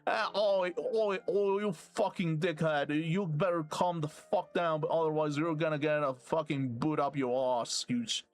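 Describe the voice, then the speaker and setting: A man's voice: sits high, moderate pace, hardly any pauses, a bit bright, clear, resonant tone, soft background music, pitched above the performer's own voice. A man putting on a crude, hot-headed Australian bloke who swears and threatens. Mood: aggressive.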